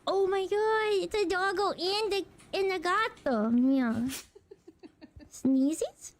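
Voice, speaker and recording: A woman streamer giving casual live reaction commentary, excitable and slangy, laughing and exclaiming often. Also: extremely high pitch, slow pace. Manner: slangy, says bro.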